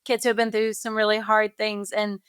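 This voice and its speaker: A woman's voice: medium pitch, little pitch movement, fairly quick, smooth, no room sound, studio quality. A woman co-hosting a podcast, chatting casually and earnestly, relating to the guest and asking follow-up questions. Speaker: podcast co-host. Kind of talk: casual interview chat.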